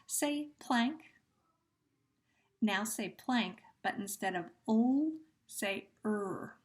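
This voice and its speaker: A woman teacher speaks at a deliberately slow pace, drawing out each word so young listeners can follow. Her voice sits at an ordinary pitch for a woman, and she walks through sound drills patiently, with gentle praise. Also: animated. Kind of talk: phonemic awareness lesson for young children.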